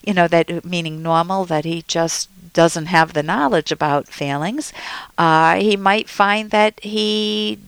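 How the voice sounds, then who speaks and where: Woman, radio psychologist, advice show host, low-pitched, dry close mic, earnest explaining. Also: a little slow, a bit bright, smooth, dry recording. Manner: earnest, explanatory, acts out quoted voices.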